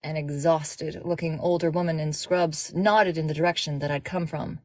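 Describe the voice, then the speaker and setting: Chatty woman narrator, lowish voice. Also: steady tone, moderate pace, few pauses, no echo. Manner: chatty, warm-hearted fan enthusiasm. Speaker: audiobook narrator. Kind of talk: casual livestream chat and audiobook reading.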